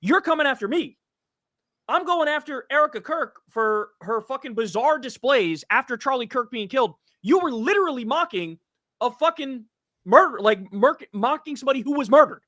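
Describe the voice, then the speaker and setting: Man, high voice, dry close sound, profane ranting, podcast chat. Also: lively intonation, moderate pace, sharp tone, no echo. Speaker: political commentator. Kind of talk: heated casual podcast chat.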